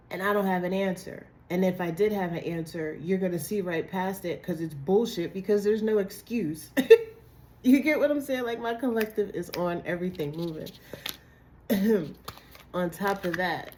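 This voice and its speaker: A woman with a dry, raspy, hoarse voice giving a blunt, chatty tarot reading to camera. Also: on the low side, a little mellow, a little hiss or hum. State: hoarse from a cold. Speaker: tarot reader.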